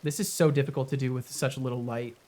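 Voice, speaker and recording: A man's voice: medium pitch, fairly even intonation, fast, warm tone, a little hiss or hum. A man live-streaming a video game, chatting casually with his viewers and swearing often. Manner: swears often, talks to chat while playing.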